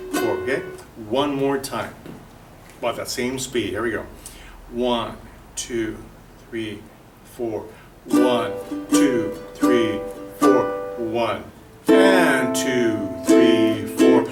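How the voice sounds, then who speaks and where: A man's voice: medium pitch, distant mic. A man teaching a ukulele strum lesson, patiently explaining and counting beats aloud while he plays. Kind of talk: music lesson. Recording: roomy echo from off-mic.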